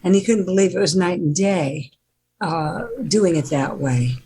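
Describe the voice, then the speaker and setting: An older woman answers interview questions over a video call, her voice lowish and mellow. She takes her time and is measured and thoughtful, with a faint hum behind her. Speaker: actor guest.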